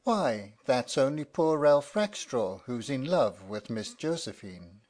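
A man plays a bluff, good-natured sailor who argues his point bluntly. The voice sits at a middling pitch, like a storybook read aloud. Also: very animated, slow pace, a little mellow. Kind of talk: audiobook reading.

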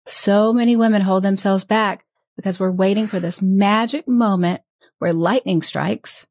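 A woman coach speaks in a candid, heartfelt interview voice, openly sincere. Her pitch sits in an ordinary middle range. The sound is dry and close, with no room around her. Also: fairly even intonation, measured pace, no room sound. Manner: earnest and heartfelt, with soft laughs. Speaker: podcast host and business coach.

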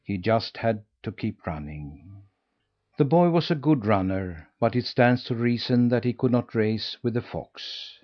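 A man narrating a storybook in a steady, measured reading. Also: on the low side, muffled recording. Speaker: audiobook narrator.

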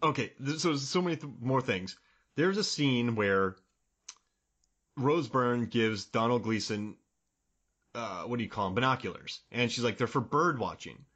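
A man in casual chat about a film, animated and laughing often as he retells scenes. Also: medium pitch, a little slow, pauses often, lo-fi sound.

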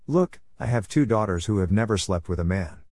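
Male reader voicing an urgent, imploring city man, low voice. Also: expressive, a little fast, a little mellow, no echo, studio quality. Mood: pleading. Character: anxious, pleading man of the city.

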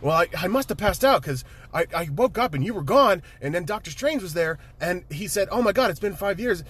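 An eager teenage boy hero gushes in a raised, rushed voice, tripping over his words, as a man puts him on. He sounds wide-eyed and breathless throughout. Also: sits high, animated, a bit bright, slightly rough, pitched above the performer's own voice, exaggerated voice. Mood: excited rambling. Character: excited teenage boy superhero, eager and rambling.

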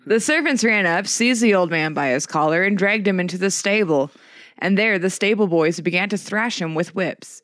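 A narrator reading a fairy tale aloud in a comic reading, mostly steady but stumbling over the odd word. The sound is dry and close, with no room echo. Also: medium pitch, normal speed. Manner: reads steadily, stumbles on words.

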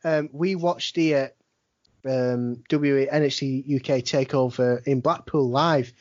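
A man's voice: mid-range voice, steady tone, measured pace, no echo, lo-fi sound. A young man from England chatting on a podcast at home, swearing a lot and laughing often. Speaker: podcast co-host. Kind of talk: casual chat. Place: at home, speaking from his room.

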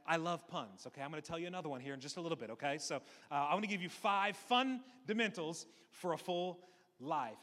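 A young adult man preaching a sermon, energetic and joking, often repeating his key phrases. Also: on the high side. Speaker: pastor. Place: church hall. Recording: echoey hall.

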